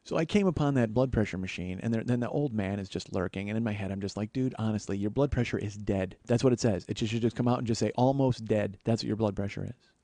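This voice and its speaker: A man's voice: on the low side, fast, vocal fry, warm tone, no echo. A man hosting a comedy podcast, telling a story as an exasperated, profane monologue. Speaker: podcast host.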